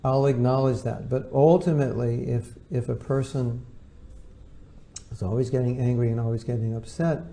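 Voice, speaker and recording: A man gives an informal spiritual lecture in a very mellow, dark voice with a gravelly edge. He talks conversationally and slips into the voices of the people he quotes. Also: mid-range voice, steady tone, moderate pace, a little hiss or hum. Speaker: spiritual teacher.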